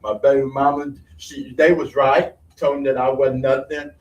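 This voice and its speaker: A man's voice: mid-range voice, flat delivery, normal speed, darkish tone, echoey room, muffled recording. A middle-aged man sharing his recovery story in an earnest, repetitive way. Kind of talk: testimony in casual talk. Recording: distant mic with faint noise.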